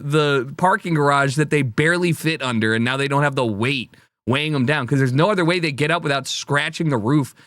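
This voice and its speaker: Male streamer, slightly high voice, rambling and profane, dry sound. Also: a bit bright, no echo. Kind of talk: casual reaction commentary.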